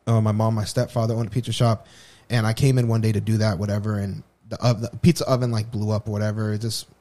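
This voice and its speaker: A man's voice: lowish voice, level tone, fast talker, mellow. A man co-hosting a podcast, telling a personal story in a candid, rambling way full of restarts. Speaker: podcast co-host. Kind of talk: casual personal chat.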